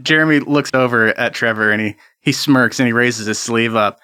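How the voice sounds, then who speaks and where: A man's voice: mid-range voice, moderate pace, pushed and bright, clear, resonant tone, no room sound, clean studio sound. A man narrating as game master of a tabletop game, laughing often.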